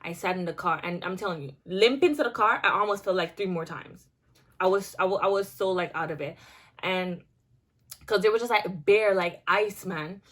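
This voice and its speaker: A young woman vlogger telling a casual storytime, chatty and animated, with many restarts and filler words. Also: lowish voice, normal speed.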